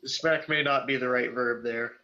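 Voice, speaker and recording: A man's voice: medium pitch, steady tone, moderate pace, pushed and bright, lo-fi sound. A man playing a tabletop game, describing his turn hesitantly and wryly. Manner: hesitant and wry, with many fillers. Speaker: player. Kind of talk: casual tabletop game chat.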